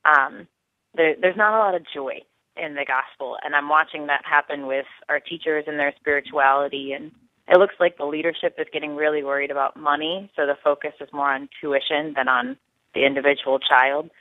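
A woman teacher calling in, asking her question in an earnest, hesitant way and pausing to find her words. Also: low-pitched, no echo. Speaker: caller, teacher. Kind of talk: call-in question. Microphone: telephone. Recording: tinny phone line.

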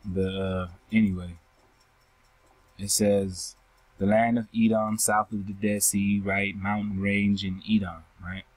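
Slow and repetitive, this scripture teacher reads and explains verses in a fairly low, level voice, addressing listeners as family. He tags a questioning "right?" onto nearly every phrase to check in with them. There's no echo, but the recording quality is low.

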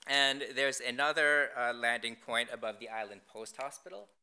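A man presenting his design work in a public lecture, speaking in a deadpan, wry way with frequent ums and restarts. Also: mid-range voice, normal speed, clean tone.

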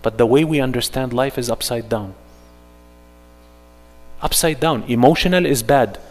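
A man teaching an interactive religious workshop, animated and firing rhetorical questions at his audience. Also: medium pitch, moderate pace, in a large hall.

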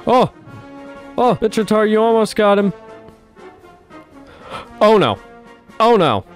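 A young man giving excitable, swearing commentary while playing a game and talking to his animals. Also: high voice, slow, soft background music. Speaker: gaming YouTuber. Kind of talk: casual gameplay commentary.

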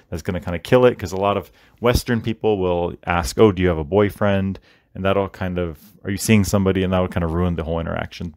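A man's voice: sits low, a little mellow, dry recording, clean studio sound. A man hosting a podcast, talking casually and rambling with many fillers and tag questions. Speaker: podcast host. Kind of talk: casual instructional podcast monologue.

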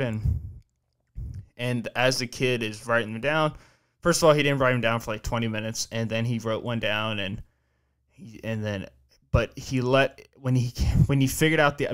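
A man's voice: mid-range voice, a bit bright, clean tone. A young man hosting a podcast, telling a long story in a rambling, profane way, full of fillers and restarts. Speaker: podcast host. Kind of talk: casual storytelling chat.

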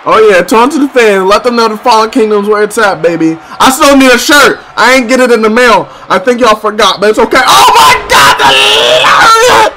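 A young man commentating a wrestling video game with loud exclamations and slangy, excitable talk, his voice going squeaky. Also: a little fast, hardly any pauses, a little hiss or hum, low-quality recording.

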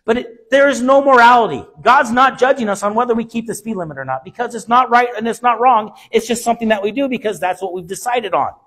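Brief: man preaching, very high voice, emphatic and repetitive, swings between soft and loud. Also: fast talker, few pauses. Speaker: pastor. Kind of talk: sermon.

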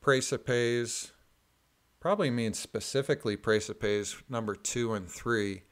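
A man reading court filings aloud in a methodical, deliberate way, adding plain spoken asides. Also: mid-range voice.

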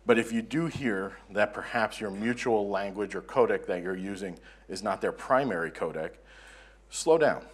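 A man from the southern United States giving a relaxed, self-deprecating conference presentation in a conference room. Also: lowish voice, breathy edge. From Southern United States (Florida). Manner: conversational, self-deprecating, joking. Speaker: conference speaker.

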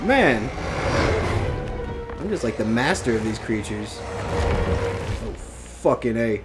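A gamer giving live gameplay commentary, excitable, swearing often and breaking into yelps and laughs. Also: mid-range voice, takes it slowly, pauses often. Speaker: let's play gamer. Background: game music.

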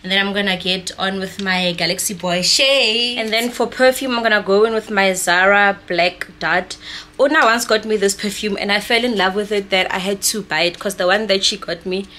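A woman's voice: medium pitch, normal speed, sharp tone, slight background noise. A young South African woman with a South African accent, chatting casually in her vlog and mixing English with her home language. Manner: chatty, switches between English and Sesotho/Setswana. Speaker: vlogger.

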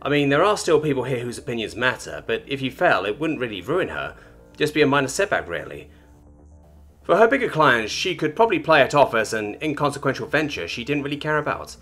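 A man narrating a sci-fi story from a script, with a lively, varied delivery and light character voices. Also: mid-range voice, brisk, soft background music.

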